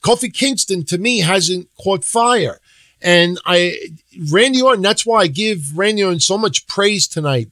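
A man's voice: high voice, a bit bright, no echo. Blunt, opinionated man recapping wrestling. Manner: blunt opinionated talk, swearing, acts out quotes. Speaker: podcast co-host. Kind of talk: casual wrestling recap chat.

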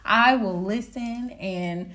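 A woman's voice: mid-range voice, slow pace. Young woman telling a story on her podcast. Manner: animated, laughs often, swears casually. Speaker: podcast host. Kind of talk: casual storytelling monologue.

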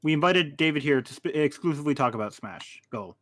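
A young man co-hosting a podcast in casual chat, joking with a deadpan edge. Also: fairly high pitch, quick pace. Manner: teasing, deadpan jokes. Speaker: podcast co-host.

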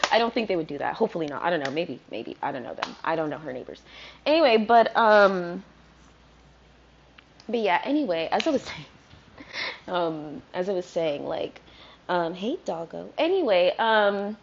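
Recorded in her apartment, this podcast host from Virginia rambles loosely and swears plenty. She speaks at a moderate pace in a lowish, sing-song voice, though the recording sounds muffled.

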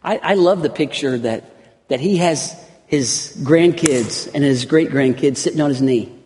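Middle-aged male pastor with a slightly high voice; emphatic sermon that drops to a hush, echoing sanctuary. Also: a little slow, slight background noise. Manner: swings from loud emphatic peaks to soft hushed lines, repeats words. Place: church sanctuary. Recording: long reverb of a large hall.

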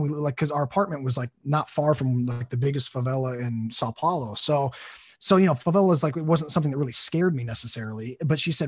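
A man's voice: medium pitch, fast talker, a little mellow, dry recording, clean studio sound. A man in his thirties, hosting a podcast and telling a story casually, with many fillers and restarts. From United States. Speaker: podcast host.

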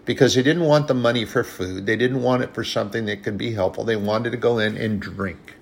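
A man's voice: fairly low pitch, fairly quick, gravelly. A man preaching a sermon in an earnest, conversational way, often restarting his sentences.

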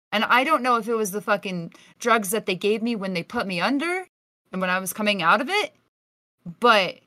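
Bright-voiced woman telling a profane story. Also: medium pitch, no echo. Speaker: podcast guest. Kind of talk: casual storytelling.

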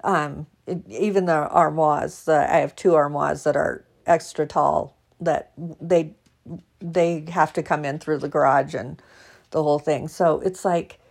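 A middle-aged woman chatting casually to her followers in a chatty, animated way, laughing often. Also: low-pitched, unhurried, creaky. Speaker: vlogger.

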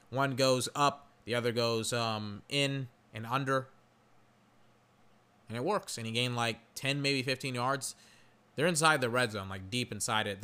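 A young man hosting a podcast, giving casual live football commentary with rambling fillers and loud bursts of frustration. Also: mid-range voice, clean tone. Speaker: podcast host doing game commentary.

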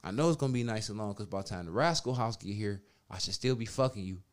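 A man telling a crude story in casual chat, laughing loudly now and then. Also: fairly low pitch, quick pace. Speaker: podcast storyteller.

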